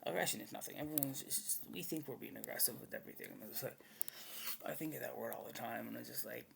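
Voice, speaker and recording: A man with a gravelly voice rambles through a casual monologue. He is blunt and swaggering, and he swears freely. A faint hum sits under his voice. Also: medium pitch, quick pace.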